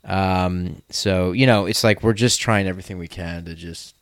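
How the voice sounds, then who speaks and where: Brief: young Australian man, very low voice, dry close mic, rambling sweary podcast host. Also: steady tone, normal speed, no room sound. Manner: rambling, sweary, many restarts. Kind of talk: casual chat.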